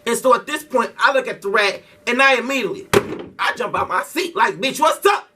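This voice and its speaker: A man's voice: very high-pitched, brisk, recorded from a distance, noisy background. A man telling a story casually to his vlog audience, slangy and profane, with lots of restarts. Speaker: vlogger.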